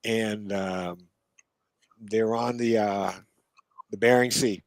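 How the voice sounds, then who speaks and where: A man's voice: lowish voice, steady tone, dry recording, low-quality recording. Dry-sounding man telling easygoing stories. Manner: unhurried storytelling with asides and chuckles. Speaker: co-host. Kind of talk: casual podcast chat.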